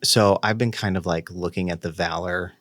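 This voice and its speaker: A male player in a tabletop game, speaking casually with hesitant restarts. His voice sits a little low. The recording is dry and close. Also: steady tone, moderate pace, fairly bright tone, no echo. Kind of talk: tabletop role-play.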